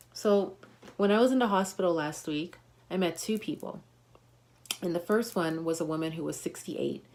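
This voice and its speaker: A woman's voice: fairly low pitch, a little mellow. Emphatic woman coaching voice affirmations. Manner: emphatic, coaching, repeats affirmations with punchy slang. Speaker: motivational speaker and voice coach. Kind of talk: motivational talk on a livestream.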